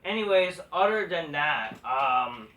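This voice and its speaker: A man's voice: a little high, very animated, takes it slowly, sharp tone. A man ranting casually and profanely about wrestling news, rambling and exasperated, with lots of restarts. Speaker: wrestling commentary vlogger. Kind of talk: casual rant. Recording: echoey room from far off the mic.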